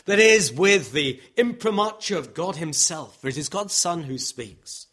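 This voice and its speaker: This preacher has a fairly high-pitched voice and keeps a measured pace. Animated throughout his sermon, he plays out the objections of his audience in their voices, with an occasional chuckle.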